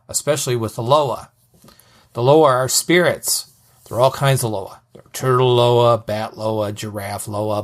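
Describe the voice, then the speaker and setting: Man giving punning advice. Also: mid-range voice. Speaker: advice segment host. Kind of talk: scripted question-and-answer segment.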